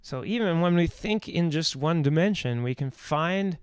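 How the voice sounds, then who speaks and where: A man's voice: a little high, expressive, moderate pace, smooth, no room sound, clean studio sound. A man teaching singing technique on a live stream, explaining ideas aloud with restarts and small sung demonstrations.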